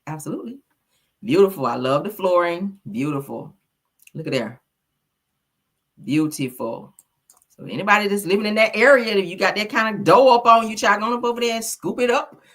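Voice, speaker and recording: A woman's voice: mid-range voice, expressive, normal speed, a bit bright. A woman hosting a gossip channel, chatting casually and gushing, calling her viewers honey and child. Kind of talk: casual commentary.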